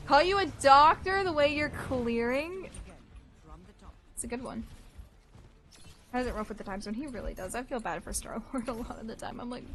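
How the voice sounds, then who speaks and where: A young woman livestreaming a game, her voice sitting a bit high. She chats loosely with viewers, reads their messages aloud and teases the players she fights. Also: animated, brisk, a bit bright, a little hiss or hum. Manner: playful and teasing, reads chat aloud and cheers during fights. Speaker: streamer. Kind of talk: casual gameplay chat with viewers.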